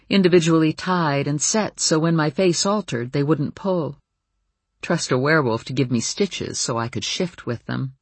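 Brief: animated woman audiobook narrator, husky and dry, wry tone. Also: low voice, no room sound. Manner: lively, wry storytelling. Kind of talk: first-person audiobook narration.

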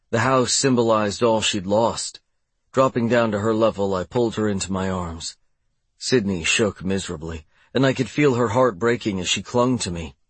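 A man reads a first-person novel aloud with a steady, measured delivery. His voice sits on the low side and has a husky edge. The sound is dry and close, with no room around it. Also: dry recording. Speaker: audiobook narrator.

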